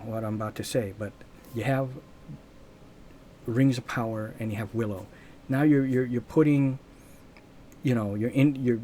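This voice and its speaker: Mellow-voiced man rambling to camera. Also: mid-range voice, a little hiss or hum. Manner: rambling, restarts often and searches aloud for words. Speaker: channel host. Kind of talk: casual unscripted monologue.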